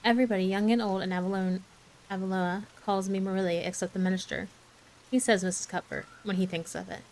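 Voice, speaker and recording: A woman voicing a strict older spinster who speaks curtly and disapprovingly, in a soft ASMR bedtime story reading. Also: medium pitch, little pitch movement, quick pace, a little hiss or hum, close to an everyday voice, poor audio. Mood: stern. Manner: curt, disapproving, clipped.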